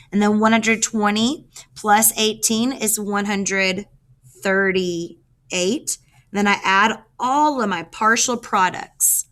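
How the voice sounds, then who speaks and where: A woman teacher talks through a math problem one step at a time and counts aloud as she goes. Her voice is bright and clear, and her tone stays patient and explanatory. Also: mid-range voice. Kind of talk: math lesson walkthrough.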